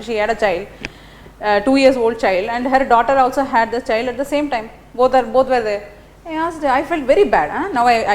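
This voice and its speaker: A woman's voice: a little high, a little hiss or hum. A middle-aged woman giving a classroom lecture, telling stories animatedly with many fillers and tag questions. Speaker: teacher.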